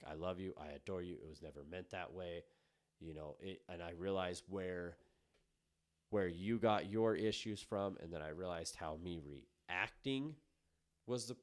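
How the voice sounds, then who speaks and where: A man in his thirties co-hosting a podcast, talking in a blunt, profane way, dropping to low asides and jumping to loud outbursts. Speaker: podcast co-host. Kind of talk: casual podcast chat.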